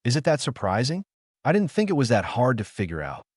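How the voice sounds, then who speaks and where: A man's voice: mid-range voice, huge pitch swings, fairly quick, no room sound, clean studio sound, voice pushed up. A man voicing a proud, menacing female demon fox spirit who commands and threatens. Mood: stern.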